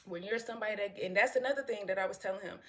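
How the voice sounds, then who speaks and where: A woman's voice: medium pitch, very fast. Woman vlogging to her followers, aave, rambling storyteller, keeps saying y'all and you know what i'm saying. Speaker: vlogger telling a story to viewers. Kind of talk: casual storytelling, talking to followers.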